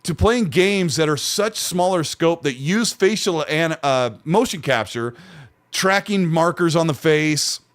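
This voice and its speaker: A man's voice: on the high side, lively intonation, measured pace, dry recording. A man hosting a casual podcast chat, conversational, at times reading aloud from his notes. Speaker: podcast host.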